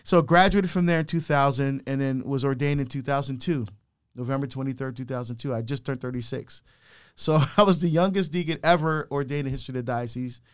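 Medium-pitched and clean, the voice of a middle-aged guest speaker moves a little fast. The deacon recounts his life with animation, imitating the people he quotes.

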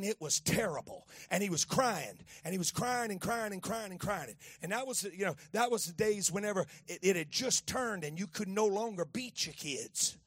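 A man in his fifties preaching a storytelling sermon, talking to a child beside him and repeating phrases as he builds to shouting. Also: sits high, no echo, clean studio sound.

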